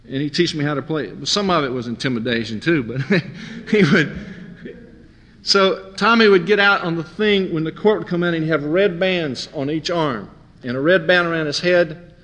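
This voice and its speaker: A man's voice: a little high, moderate pace, pauses often, a little hiss or hum. A man telling stories from his youth in a sermon, acting out his friends' voices as he goes. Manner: animated storyteller, mimics friends. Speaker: preacher. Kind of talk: sermon with storytelling. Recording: long hall reverb.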